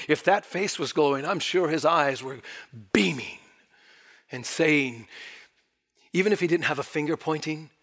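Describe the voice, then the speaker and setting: A man preaching a sermon, emphatic, swinging from loud stresses to near whispers. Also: on the high side. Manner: emphatic, varying pace and volume, drops to near whisper.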